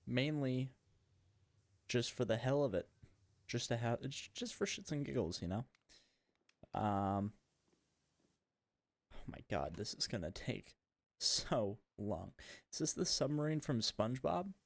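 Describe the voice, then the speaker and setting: A man's voice: medium pitch, lively intonation, unhurried, gravelly, pauses often, dry recording. A man hosting a casual gaming podcast, chatting in a rambling, self-mocking way while he plays. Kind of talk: casual chat while playing a game.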